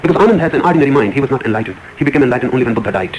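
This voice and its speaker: Male spiritual speaker, brisk emphatic storytelling, light background noise. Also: medium pitch, expressive, darkish tone, low-quality recording. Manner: emphatic, repetitive, rising emphasis on key words. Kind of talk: storytelling discourse.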